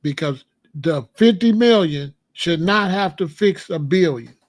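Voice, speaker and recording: A man from the United States hosting a casual monologue, telling stories in an emphatic, profane, animated way. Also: fairly high pitch, a little slow. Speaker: commentary host.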